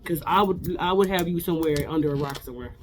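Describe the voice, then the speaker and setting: A woman's voice: deep voice, fast talker, a little hiss or hum. Blunt, fiery woman recapping reality TV. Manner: blunt, fiery, repetitive, slangy. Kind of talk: casual recap commentary.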